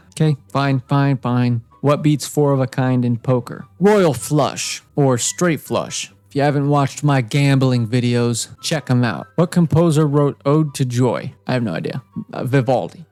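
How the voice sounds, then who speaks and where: A young man commentates his way through a trivia game, reading each question aloud and then reacting with exasperated, self-mocking outbursts. His voice sits at an ordinary male pitch and is recorded close and dry, with no room around it. Faint music plays underneath. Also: unhurried, darkish tone, no echo. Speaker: gaming YouTuber. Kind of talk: casual gameplay commentary.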